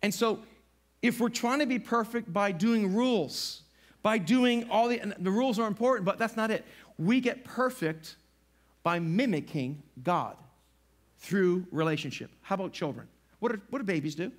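A middle-aged man pastor preaching a sermon in a church, animated and acting out little voices as he talks. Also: high voice, normal speed. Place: church sanctuary.

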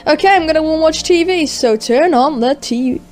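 Excitable high-voiced woman gamer. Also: brisk, soft background music. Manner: excitable, self-narrating, squeals and gasps. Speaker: gaming YouTuber. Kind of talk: Minecraft role-play narration.

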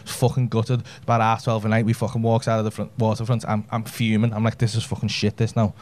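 A man's voice: lowish voice, completely flat delivery, fast talker, a little mellow. A man, telling a brash, sweary story in a stand-up set. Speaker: stand-up comedian. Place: comedy club stage with audience laughter.

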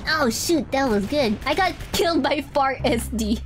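A playful woman chats casually while she plays a shooter game, dropping jokes and swears as she goes. Her voice sits high, and faint hiss runs under it. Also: expressive, moderate pace. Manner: joking, playful, swears a lot. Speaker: gamer streamer. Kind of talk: casual gaming chat.

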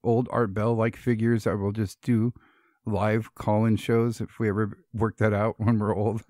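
A man's voice: fairly low pitch, level tone, unhurried, warm tone, dry recording, clean studio sound. A man co-hosting a podcast, talking in an easygoing, rambling way and thanking listeners. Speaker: podcast co-host. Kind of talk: casual chat.

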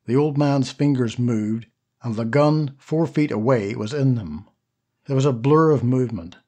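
A man narrating a short story as an audiobook, steady and even. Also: mid-range voice, unhurried. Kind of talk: scripted narration.

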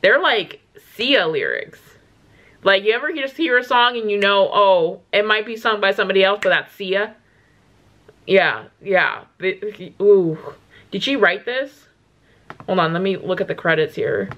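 A woman's voice: mid-range voice, lively intonation, a little slow, fairly bright tone, highs cut off. A woman hosting a casual music reaction video, gushing and exclaiming with lots of "like" and "um". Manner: gushing, exclamatory, chatty with many fillers. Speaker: reaction channel host.

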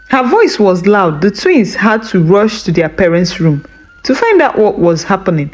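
A Nigerian woman telling a folktale, her voice full of lively rises and falls. She narrates a scripted story with a sing-song, expressive delivery at a middle pitch. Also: normal speed, poor audio.

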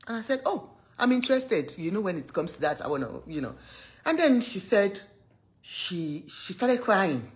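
A Nigerian woman spins gossip on her vlog, her voice swinging widely up and down at a middle pitch. She acts out the people she quotes and mixes pidgin and Yoruba into her talk. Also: big pitch swings, normal speed. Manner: switches into pidgin and Yoruba phrases. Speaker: gossip vlogger. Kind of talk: casual gossip chat.

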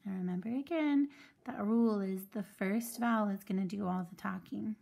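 A woman's voice: mid-range voice, moderate pace, gravelly, warm tone. A woman teaching a phonics lesson to children, patiently sounding out words syllable by syllable.

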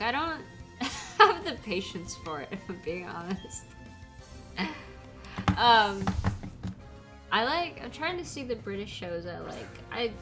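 A young woman streaming a game, chatting casually and rambling with frequent giggles. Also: fairly high pitch. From United States. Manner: giggly, laughs often, rambling. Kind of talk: casual chat while playing a game.

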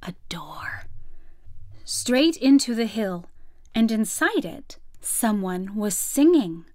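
A woman reads a children's storybook aloud in a gentle, measured storytelling manner. Her voice sits a little high and sounds close and dry, with no room around it. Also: animated, no echo. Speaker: storybook reader.

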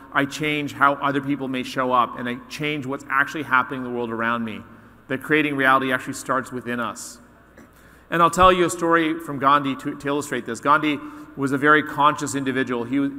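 A man giving a keynote talk to an audience, telling a story in an animated way and acting out the voices of its characters. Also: mid-range voice. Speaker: conference speaker. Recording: long hall reverb.

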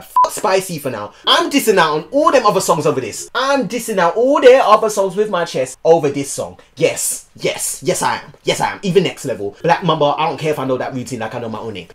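A man hosting a music video reaction, loud and excitable, swearing and jumping into high squeals. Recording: music playing behind.

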